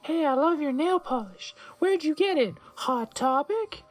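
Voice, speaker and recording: Reader voicing a squealing young goth teacher, high, sing-song, gushing; storybook reading. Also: animated, unhurried, soft background music.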